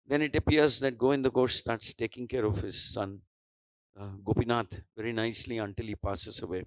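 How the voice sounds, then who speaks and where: A man's voice: mid-range voice, fairly even intonation, brisk, dry recording, poor audio. A man with an Indian English accent giving a devotional scripture class, telling a story and voicing its dialogue with many restarts and fillers.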